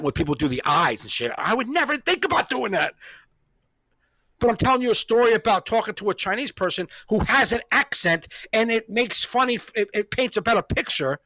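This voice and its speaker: Male podcast host, comedian, bright edge, dry close sound, profane storyteller. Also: sits high, no room sound. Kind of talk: casual chat.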